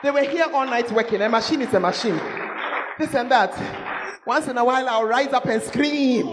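Male preacher, high voice with a wide swinging range, shouted and intense, long hall reverb. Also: normal speed. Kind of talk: sermon.

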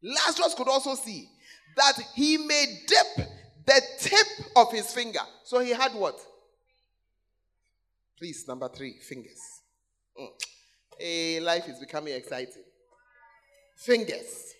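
A man preaching a sermon to a church congregation, calling out to the people in the seats and repeating key words, swinging between loud exclamations and low asides. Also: big pitch swings, unhurried, pauses often. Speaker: pastor. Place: large church hall.

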